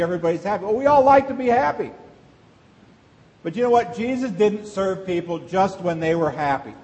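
A middle-aged man, a pastor, preaching a sermon to his congregation in a conversational way, asking the room rhetorical questions. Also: sits high. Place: church sanctuary. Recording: long reverb of a large church hall.

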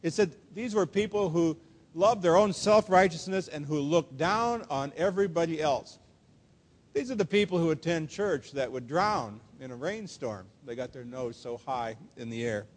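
A man preaching in a fairly high voice, earnest and emphatic, leaning hard on quoted phrases. His words ring out with the long reverb of a church sanctuary. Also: expressive. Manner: earnest, emphatic preaching with slow, stressed quotations. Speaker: pastor. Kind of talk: sermon.

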